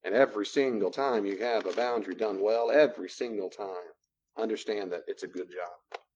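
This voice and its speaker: A man teaching a class on boundaries, lecturing and acting out both sides of short dialogues in an animated way. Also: on the low side, moderate pace, muffled recording, a little hiss or hum. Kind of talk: classroom lecture with role-play examples.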